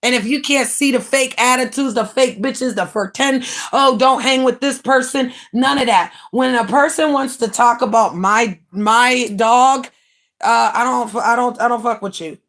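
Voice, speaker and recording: A woman hosting her own livestream, ranting in a brash, profane, mocking way with sudden bursts of shouting. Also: a little high, normal speed. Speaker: livestream host.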